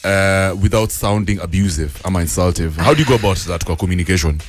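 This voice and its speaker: Man, Kenyan accent with a foreign tinge, radio host, rapid chatty delivery, English with Swahili slang. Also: low-pitched, a little hiss or hum. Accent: Kenyan, slightly foreign-tinged. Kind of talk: casual radio interview. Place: radio studio.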